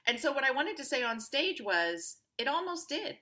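Bright, animated woman telling stories. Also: high-pitched, moderate pace. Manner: animated, upbeat storyteller with lively quoted voices. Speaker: podcast guest. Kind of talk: conversational interview storytelling.

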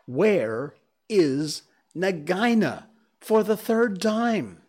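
A man's voice: high voice, very animated, very slow, darkish tone, slightly rough, voice pushed up, exaggerated voice. A man voicing a brave young male mongoose who speaks in urgent, clipped, impatient lines, read aloud as a storybook character.

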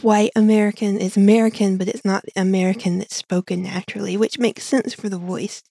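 A woman's voice: medium pitch, fairly even intonation, fairly quick, gravelly, warm tone, dry recording, studio quality. A woman co-hosting a fan podcast, giving blunt opinions in casual chat. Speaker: podcast co-host.

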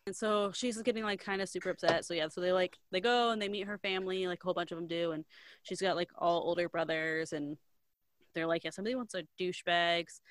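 A woman's voice: fairly low pitch, fast, no room sound. Chatty woman, dry close sound. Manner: rambling, heavy use of "like", animated retelling. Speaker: co-host recapping a book. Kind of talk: casual chat.

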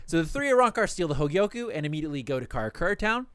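A young man in casual chat, recapping anime episodes for a podcast with animated, quick storytelling and swearing. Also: a little high, clear, resonant tone, no echo, studio quality.

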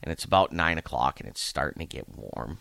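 Coach type, male, low and bright, clear crisp delivery, rambling storyteller who does voices. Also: lively intonation, fairly quick, no room sound. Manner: rambling anecdotes, acts out voices of people in his stories. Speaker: hockey coach. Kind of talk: casual storytelling interview.

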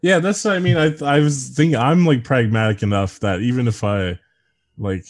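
A man's voice: medium pitch, moderate pace, dry recording. A man in his thirties co-hosting a casual podcast, joking darkly and laughing often. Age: 30s. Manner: sardonic, dark humor, laughs often. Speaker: podcast co-host.

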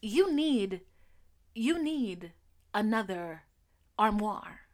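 A woman imitating her blunt, matter-of-fact mother, who nags her with emphatic, drawn-out insistence. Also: mid-range voice, expressive, darkish tone, slight background noise. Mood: insistent.

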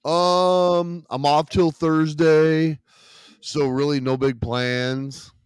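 A man co-hosting a podcast in relaxed casual chat, swearing freely and laughing often. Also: fairly high pitch, extremely slow, clean tone, no room sound, studio quality. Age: adult parent. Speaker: podcast co-host.

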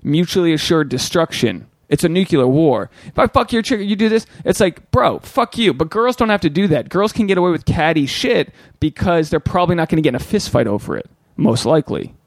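This young man co-hosts a casual podcast, rambling through crude stories and slipping into quick impressions of the people in them. His voice sits a little high and carries a gravelly edge. He is recorded close to the mic in a dry room. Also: animated, no room sound. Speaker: podcast co-host.

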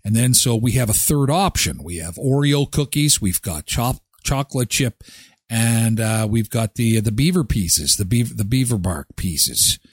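A man's voice: medium pitch, a little slow, slightly rough, no echo, studio quality. A middle-aged man from Canada hosting a live show, chatting casually and joking sarcastically as he reads viewer comments. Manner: animated, joking, sarcastic asides.

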